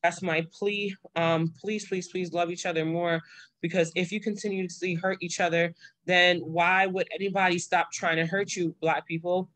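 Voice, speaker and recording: A woman's voice: on the low side, fairly even intonation, moderate pace, a bit bright, dry recording. A young woman hosting her own livestream show, talking casually and earnestly to viewers, pleading and then overjoyed. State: pregnant. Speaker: show host.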